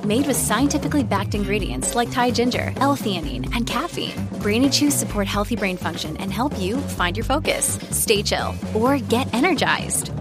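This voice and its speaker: A woman giving a smooth, upbeat scripted ad read at a medium pitch. Clear music plays under her voice the whole time. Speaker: ad announcer.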